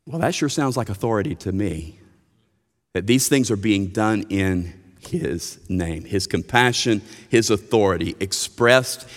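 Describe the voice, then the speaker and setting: A man's voice: fairly low pitch, animated, unhurried. Earnest male pastor preaching in a hall. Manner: earnest, rises for emphasis and drops soft. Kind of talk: sermon.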